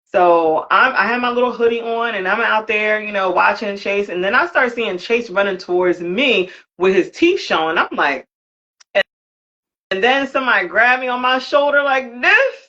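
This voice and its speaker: A woman's voice: medium pitch, animated, normal speed, sharp tone, lo-fi sound. A woman telling a comic story with lots of energy, swearing now and then and acting out the voices she quotes. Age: older. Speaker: guest, creator of a brand for Black women.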